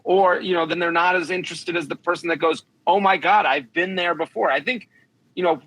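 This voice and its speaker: A man talks bluntly and emphatically on a podcast, a comedian handing out dating advice. His voice sits a little high and has a bright, forceful edge. He keeps slipping into the voices of imagined people he quotes. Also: slight background noise, poor audio. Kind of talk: podcast chat.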